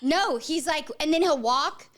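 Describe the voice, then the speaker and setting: Woman, podcast host, mother, high voice, rambling animated storytelling. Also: unhurried. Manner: animated, rambling, heavy use of "like". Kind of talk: casual storytelling chat.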